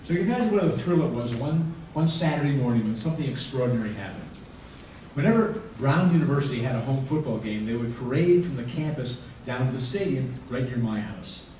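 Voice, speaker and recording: A man in his sixties, a rabbi doing stand-up comedy, telling jokes dryly with pauses before punchlines. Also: medium pitch, expressive, mellow. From United States. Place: large hall with audience. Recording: echoey hall from far off, room noise.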